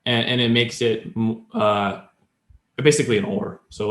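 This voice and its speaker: A man's voice: mid-range voice, normal speed, a bit bright, echoey room. A man co-hosting a podcast, chatting casually and explaining grammar step by step with many fillers. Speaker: podcast co-host. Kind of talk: casual language-learning chat.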